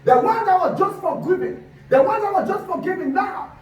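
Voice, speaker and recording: Fervent high-pitched preaching man, booming hall. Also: expressive, fairly quick, a little hiss or hum. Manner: fervent, shouting, repeats rhetorical questions. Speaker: pastor. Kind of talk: sermon. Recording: echoey hall from a distance.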